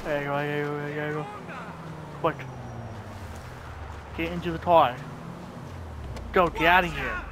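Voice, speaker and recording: A man giving casual gameplay commentary, swearing and trash-talking other players, with sudden loud outbursts. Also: a little high, fairly even intonation, a little slow, long pauses. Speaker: gamer. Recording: clear game noise behind voice.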